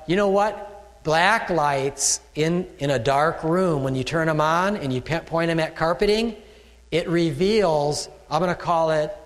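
Animated high-voiced male pastor. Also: long reverb tail. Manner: conversational, animated, with frequent "okay" and "all right" check-ins. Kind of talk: sermon.

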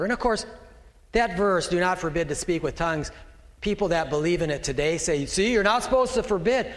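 A middle-aged male pastor preaches from a raised pulpit in a conversational, folksy way, often breaking off to talk straight to his flock. His voice sits a little high for a man and rings out with the long reverb of a large church hall. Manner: conversational, folksy preaching with asides to a slide operator. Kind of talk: sermon.

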